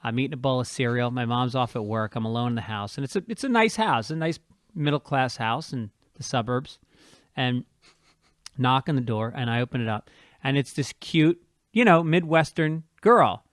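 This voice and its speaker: A man, a podcast host and stand-up comedian, telling a story in casual chat with quick asides. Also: mid-range voice, expressive, no echo, studio quality.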